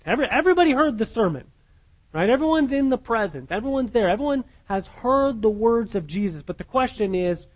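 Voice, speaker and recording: A man's voice: very high voice, lively intonation, brisk, low-quality recording. A man preaching a sermon, earnest, repeating his words and putting questions to his listeners.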